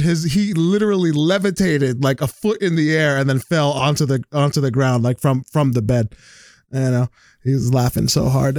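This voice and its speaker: A man's voice: on the high side, no room sound, clean studio sound. Rambling young man telling a story. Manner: rambling, many restarts, laughs through his story. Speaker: podcast host. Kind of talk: casual chat, telling a funny story.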